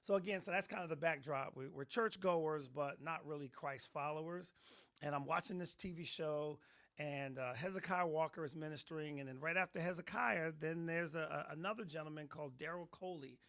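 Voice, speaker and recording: A middle-aged man, a pastor, telling his personal testimony in an interview with animated storytelling, acting out the voices of people in his story. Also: a little high, a little fast. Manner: animated storytelling, acts out quotes.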